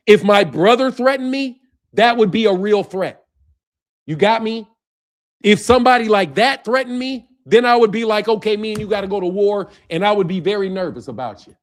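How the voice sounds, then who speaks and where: A man hosting a boxing channel, delivering a heated, profane, mocking rant, laughing between lines and repeating himself. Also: high-pitched.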